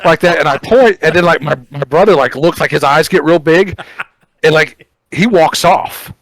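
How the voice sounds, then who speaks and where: A man co-hosting a casual podcast, telling work stories with animated quoted dialogue and frequent fillers. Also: a little high, normal speed, dry recording, low-quality recording. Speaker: podcast co-host, police officer. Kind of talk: casual chat, storytelling.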